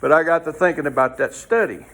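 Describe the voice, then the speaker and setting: A man's voice: fairly high pitch, quick pace, fairly bright tone. A man teaching a folksy Sunday school lesson, rambling and throwing in rhetorical questions.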